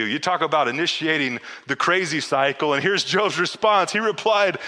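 A pastor preaching a sermon in a lively, casual way, acting out biblical dialogue and often stumbling into restarts. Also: male voice, on the high side, a little fast, hardly any pauses, big-room sound. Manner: animated, acts out biblical dialogue with casual asides; frequent stammered restarts.

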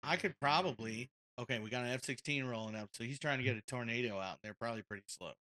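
Man, casual reaction chat, excitable and joking, mid pitch, music playing behind. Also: fast. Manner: excited, joking, says dude a lot. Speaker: co-host reacting to videos.

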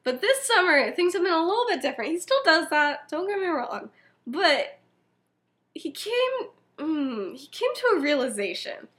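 A young woman chatting on a podcast, retelling a story with laughter and little acted-out lines. Her voice sits high and swings widely in pitch. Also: normal speed. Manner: animated, laughing, acts out characters' lines. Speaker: podcast co-host. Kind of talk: casual chat retelling a fan story.

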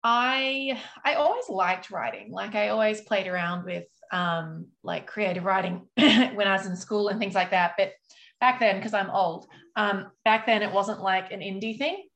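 Slow-talking woman losing her voice. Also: mid-range voice, gravelly, fairly bright tone. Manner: rambling, frank, lots of fillers and swearing. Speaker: author guest. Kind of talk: casual storytelling answer.

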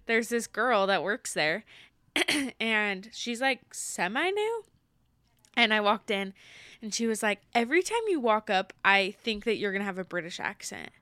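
A woman's voice: medium pitch, big pitch swings, measured pace, bright, forceful tone, dry recording. A young woman co-hosting a podcast, upbeat and teasing, chatting casually with slang. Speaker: podcast co-host. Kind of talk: casual chat.

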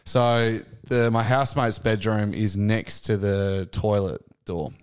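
A man's voice: fairly low pitch, fairly even intonation, slow, clean tone. A young man co-hosting a podcast, telling a rambling story in casual chat and laughing as he goes. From Australia. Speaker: podcast co-host.

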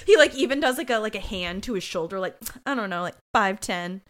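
Animated, blunt woman co-host. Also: mid-range voice, brisk. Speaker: podcast co-host. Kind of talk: casual recap chat.

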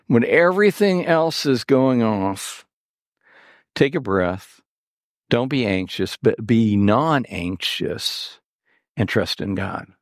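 Slow, dry-voiced male preacher. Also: medium pitch, dry recording. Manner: animated preaching with sarcastic asides. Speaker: pastor. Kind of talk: sermon.

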